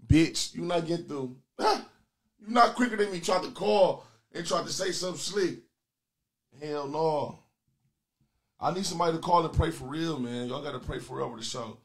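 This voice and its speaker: A man hosting a comedy call-in show with loud, crude, taunting banter aimed at his callers. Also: a little high, expressive, a little slow, pauses often.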